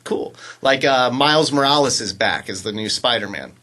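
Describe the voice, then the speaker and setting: A man's voice: medium pitch, expressive, moderate pace, sharp tone. A man co-hosting a casual podcast chat, talking in a laid-back, slangy way with lots of fillers. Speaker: podcast co-host.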